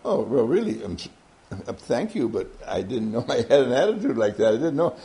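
A man's voice: mid-range voice, sing-song, brisk, dark tone, lightly acted. A man voicing a naive, humble young man who answers modestly and hesitantly. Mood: bashful.

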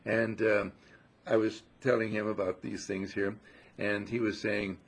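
A man's voice: lowish voice, little pitch movement, a little slow, vocal fry, slightly rough. An older man giving an effusive, affectionate inspirational talk to a gathering, his voice swooping up on emphasis. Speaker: spiritual speaker.

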